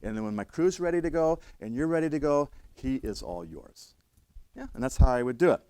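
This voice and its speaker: A man's voice: medium pitch, big pitch swings, a little fast, dark tone, dry recording. A man teaching firefighters, telling stories from calls in a conversational lecture style and often checking in with "right?". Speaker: firefighter instructor.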